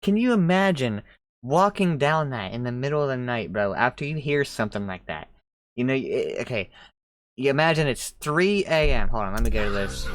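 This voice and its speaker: A man hosting a reaction video, talking casually and excitedly, swearing and riffing as he comments on clips. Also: medium pitch, clean tone. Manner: animated, swearing, exclaiming, riffing.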